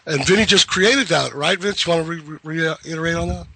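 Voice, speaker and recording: A man's voice: on the high side, fairly quick, creaky, bright, forceful tone, husky, poor audio. A man hosting a casual talk radio show, telling rambling stories and laughing often.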